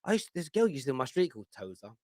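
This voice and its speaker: A man's voice: medium pitch, rapid-fire, no room sound, clean studio sound. Blunt London man hosting a fan show. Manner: animated, blunt banter. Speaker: host of a football fan show. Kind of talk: live chat show rant.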